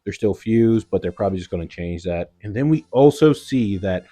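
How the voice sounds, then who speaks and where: A man's voice: on the low side, animated, fairly quick, warm tone. A man giving a casual, slangy recap of an anime episode, loose and full of "like" and "yo". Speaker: anime reviewer.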